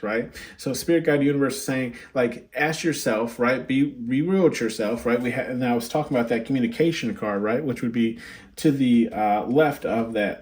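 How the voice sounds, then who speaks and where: A man in his younger years talks through a card reading in an easygoing, rambling way. His voice sits at an ordinary middle pitch. He keeps tagging his sentences with "right?" and "okay?" as he goes. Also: darkish tone. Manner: chatty, frequent "right?" and "okay?" check-ins. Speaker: tarot card reader. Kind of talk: casual spoken card reading.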